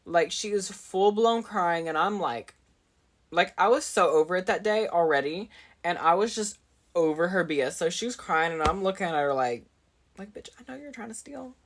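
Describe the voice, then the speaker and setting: A young adult woman vlogger tells a dramatic story in casual chat, her voice lowish and her speed normal. She's chatty and dramatic, packing in fillers, a constant "like," and asides to her viewers.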